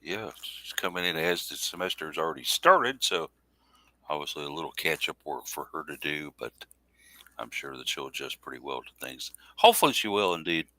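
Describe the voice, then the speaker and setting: Guy cohosting a sports pod, bright voice, swoops around a lot, dry sound. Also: very deep voice, a little fast, dry recording, low-quality recording. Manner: lively, reads out player background. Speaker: podcast co-host. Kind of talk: casual sports chat.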